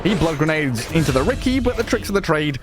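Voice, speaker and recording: Northern English esports caster over music. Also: male voice, fairly high pitch. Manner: excitable, quick to laugh. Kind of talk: play-by-play commentary. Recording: music playing underneath.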